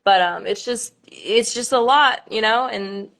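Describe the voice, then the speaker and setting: A woman's voice: on the high side, measured pace, creaky, a bit bright. Young woman going live about a pageant, rambly, lots of um and nervous giggles. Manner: chatty, nervous laughter, many fillers. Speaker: pageant contestant. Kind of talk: live-stream Q&A.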